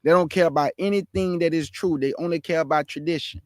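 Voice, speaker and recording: A man's voice: fairly high pitch, fast talker, no echo, clean studio sound. A male preacher delivering an impassioned sermon with an emphatic, repetitive cadence.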